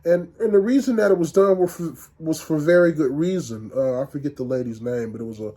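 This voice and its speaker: A middle-aged man giving a university lecture in a conversational, halting way, with frequent restarts and fillers. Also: fairly high pitch, warm tone.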